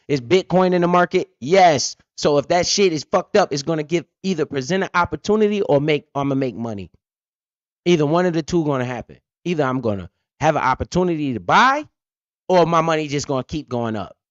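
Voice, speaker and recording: A man talks on his own livestream, slightly high-voiced and worked up, swearing freely and firing off questions he answers himself. The sound is dry and close, with the dull, muffled tone of lo-fi stream audio. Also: no room sound. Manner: profane, blunt, fired-up, asks and answers his own questions. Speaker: finance livestream host. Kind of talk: casual explanatory livestream talk.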